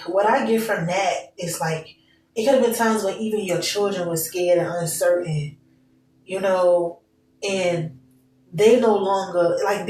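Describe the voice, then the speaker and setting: A woman's voice: on the low side, darkish tone, reverberant, far from the mic, a little hiss or hum, low-quality recording. A young woman giving a casual tarot reading to her viewers, candid and emotional, full of slang and swearing. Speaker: tarot reader.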